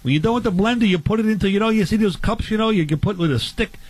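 A man hosting a comic bit, rambling and playfully clueless with drawn-out asides. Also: high voice, darkish tone, breathy edge, dry recording. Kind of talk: comic improvised banter.

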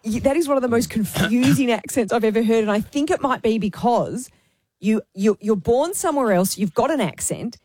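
A woman with an Irish accent hosting a casual radio show, hesitant and self-deprecating, quick to laugh. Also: a little high, darkish tone, no room sound, clean studio sound. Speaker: radio host.

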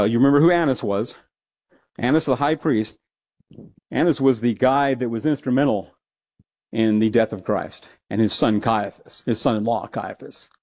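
A man's voice: mid-range voice, a little mellow. Man preaching a conversational sermon. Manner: conversational, with asides and restarts. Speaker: pastor. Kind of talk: expository sermon.

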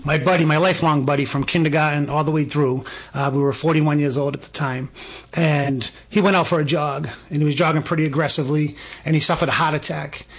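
A man tells his story with growing excitement and acts out each person's words. His voice sits fairly high and sounds husky. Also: brisk. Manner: excited, animated storyteller acting out dialogue. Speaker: guest. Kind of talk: testimony storytelling.

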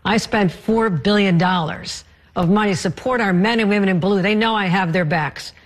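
A woman's voice: mid-range voice, moderate pace. A woman arguing as a candidate in a political debate, firm and emphatic, repeating phrases for stress. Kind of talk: debate argument.

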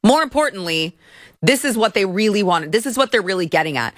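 A woman's voice: medium pitch, expressive, a little fast, no echo, clean studio sound. A woman from the United States giving sarcastic, mocking opinion commentary and reading posts aloud. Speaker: political commentator.

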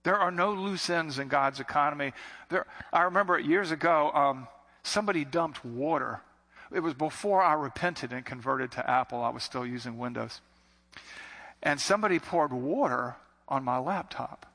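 Impassioned preacher in a reverberant hall. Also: male voice, a little high, moderate pace, sharp tone. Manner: impassioned preaching with rising emphatic repetitions. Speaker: pastor. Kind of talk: sermon.

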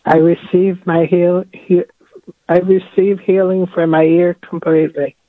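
Female caller, flat even delivery, phone-line sound. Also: on the low side, a little slow, no room sound. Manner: soft, repeats prayers after the host.

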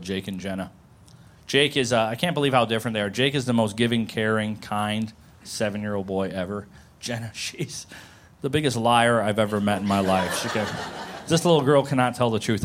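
A man doing stand-up comedy, telling family stories and acting out their voices. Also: mid-range voice. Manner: storytelling with lively acted-out voices.

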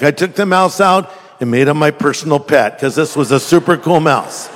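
Speaking at a normal speed, this pastor gives a church sermon with lively, animated energy, drifting into humorous stories along the way. A long hall reverb carries his fairly high voice.

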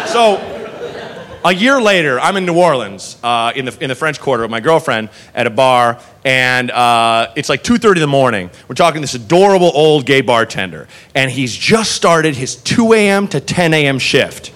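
A man doing stand-up storytelling, animated and profane, often laughing through his lines. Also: on the high side, normal speed. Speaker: stand-up comedian.

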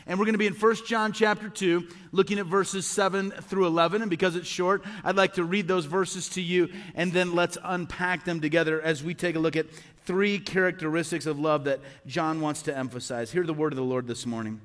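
A man's voice: high voice, fairly even intonation, fairly quick, a bit bright. Preaching man in a reverberant church. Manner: earnest, repetitive preaching with rhetorical questions. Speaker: pastor. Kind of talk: sermon. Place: church sanctuary.

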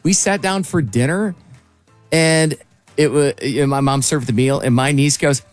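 A man's voice: fairly high pitch, moderate pace, dry recording, faint music behind. A man hosting a radio show, telling family stories in casual chat and laughing easily.

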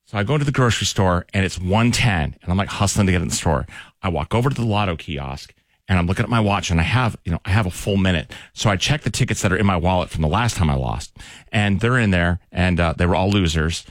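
Fast-talking male radio host. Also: deep voice, expressive, no echo, studio quality. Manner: rambling, self-deprecating anecdote with acted-out quotes. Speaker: radio morning show host. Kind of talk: casual storytelling.

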